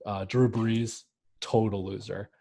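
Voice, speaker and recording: A man co-hosting a casual sports podcast, animated and mocking, who often jumps into exaggerated voices. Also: lowish voice, takes it slowly, gravelly. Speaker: podcast co-host. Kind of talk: casual chat.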